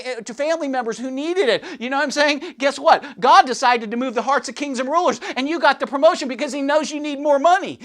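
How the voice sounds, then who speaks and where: A man hosting a men's ministry show, preaching a devotional with rhetorical questions, swinging between loud and hushed. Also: very high-pitched. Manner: peppers talk with "you know what I'm saying" and "okay"; asks listeners rhetorical questions.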